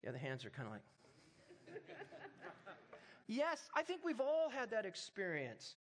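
A high-pitched man delivering a sermon. He retells the story in a relaxed, joking way, then presses his points with emphatic, rising urgency. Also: a little slow. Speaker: pastor.

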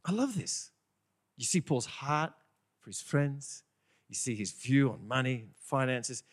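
A man preaching a sermon in a conversational, animated way, often asking the congregation questions. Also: medium pitch, measured pace.

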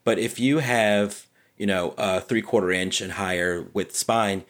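A man co-hosting a podcast, calmly explaining book cover design in an easygoing way, with many "you know"s and restarts. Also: fairly low pitch, a little slow. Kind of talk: casual explanatory chat.

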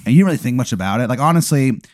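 A man's voice: mid-range voice, expressive, racing, a little mellow, no echo, studio quality. Rambling man narrating a game. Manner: rambling, laughing, lots of fillers. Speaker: game master. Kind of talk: improvised tabletop narration.

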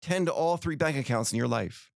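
A man's voice: on the high side, fairly quick, vocal fry, noisy background. A middle-aged man hosting a podcast, giving an earnest, folksy motivational talk full of rhetorical questions. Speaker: podcast host.

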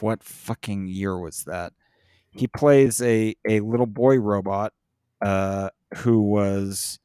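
A man with a somewhat low voice chats casually and swears freely. He turns animated and climbs in pitch when something excites him. The sound is close and dry, with no room around it. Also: no room sound. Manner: profane, animated, rises in pitch when impassioned. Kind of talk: casual chat.

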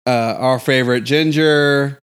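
A man's voice: medium pitch, steady tone, unhurried, a bit bright, smooth. A man bantering in a joking, laid-back way in casual podcast chat.

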